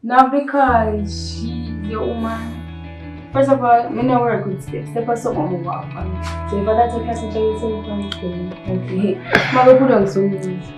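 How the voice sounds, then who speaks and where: A woman's voice: a little high, steady tone, moderate pace, music in the background, close to an everyday voice. A woman playing a defiant teen daughter. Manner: defiant, patois-laced.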